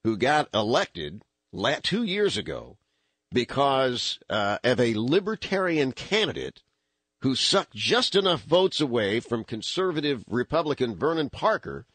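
A man hosting a talk radio show from the studio, giving rambling, animated political commentary with lots of restarts. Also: mid-range voice, measured pace, breathy edge, dry recording.

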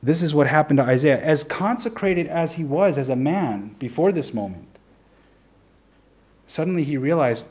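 Husky-voiced man preaching a sermon. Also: fairly high pitch, expressive, a little mellow. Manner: earnest preaching, slows down to stress key points; asks rhetorical questions to the congregation. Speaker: pastor.

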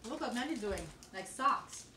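A woman's voice: a little high, lively intonation, moderate pace. A woman chatting from off to the side, adding comments on what the children are doing. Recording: roomy, distant and noisy.

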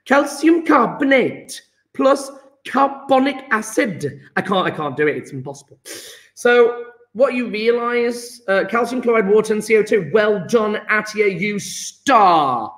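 A man's voice: high-pitched, expressive, normal speed, a bit bright, echoey room. A man teaching a chemistry lesson online, encouraging and upbeat, cracking jokes with his students.

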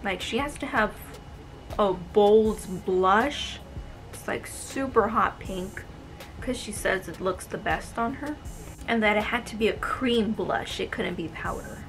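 A woman's voice: medium pitch, a little slow, faint music behind. A woman in her twenties telling stories about her retail job in a casual, exasperated, sarcastic way. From United States. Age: 20s. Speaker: vlogger telling work stories. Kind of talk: casual storytime narration.

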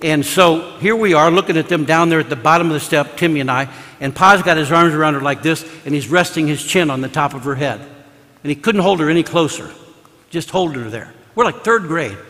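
An older man from Kansas City preaches in a high, bright voice, spinning homey stories as a priest leading a parish mission. He keeps it chatty and loose, sprinkling in "you know" between lines. His words hang in the long reverberation of a large church. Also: a little fast. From Kansas City, USA. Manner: conversational, folksy, peppers talk with "you know". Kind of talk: storytelling sermon.

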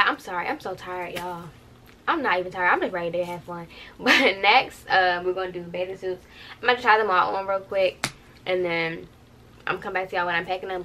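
Packing in her bedroom, a young adult woman vlogs to her tripod-mounted camera in a chatty, playful way, laughing a lot and dropping slang. Her lowish voice is bright and forceful, and a little background noise can be heard.

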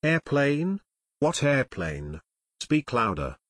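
Man voicing a gruff middle-aged stranger, audiobook, hard of hearing, shouting, lively intonation, dry sound. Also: mid-range voice, takes it slowly, dry recording, heavily acted.

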